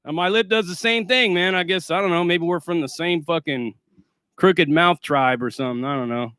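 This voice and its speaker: Male streamer, sarcastic and foul-mouthed; bright, clear voice, dry close sound. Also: on the high side, moderate pace, no echo. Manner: profane, sarcastic and boastful. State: shaky and winded after a workout. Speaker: livestream host. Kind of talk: casual livestream rant.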